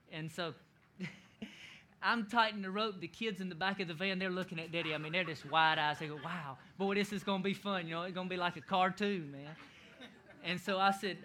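A middle-aged male pastor telling a funny story in a sermon, laughing often and shouting the lines he quotes. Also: sits high, a little hiss or hum.

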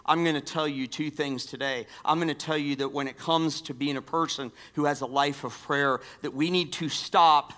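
A pastor giving a sermon, repeating key phrases and dropping from strong emphasis to near-whispers. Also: male voice, on the high side. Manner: dynamic swings from loud emphasis to hushed near-whispers.

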